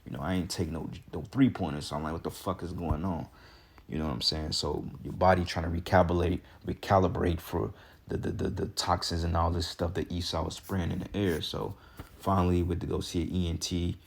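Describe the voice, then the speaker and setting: A man's voice: low-pitched, flat delivery, brisk, gravelly, breathy edge. A man with a congested voice giving casual, heated religious talk, profane and ranting, with scripture readings between. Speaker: religious commentator.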